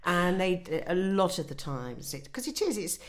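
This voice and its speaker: A middle-aged woman, a former newsreader and podcast co-host, telling animated anecdotes and acting out quotes. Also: on the low side, normal speed. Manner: animated storyteller, acts out quotes. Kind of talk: casual chat, anecdotes.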